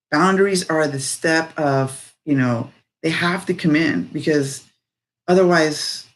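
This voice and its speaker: A woman speaking casually and reflectively on personal growth, animated and rambling, full of fillers. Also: deep voice.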